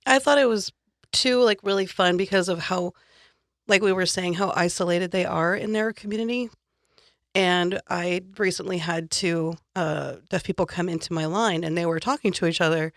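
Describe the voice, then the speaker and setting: Lower-voiced woman, relaxed podcast co-host. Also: moderate pace, no room sound, studio quality. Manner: relaxed, loose, with many "like" fillers. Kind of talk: casual conversation.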